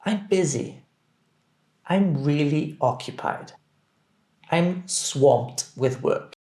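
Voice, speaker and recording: Slow, deliberate male English teacher. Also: fairly high pitch, animated, a little mellow. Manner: deliberate, carefully enunciated phrases for learners to repeat. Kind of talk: scripted language drill. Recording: roomy echo.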